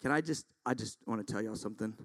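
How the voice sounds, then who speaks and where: A man's voice: fairly low pitch, fast talker, dry recording. A man, a pastor, preaching a sermon in an intense, emphatic way with self-deprecating asides. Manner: intense, builds to loud emphatic peaks.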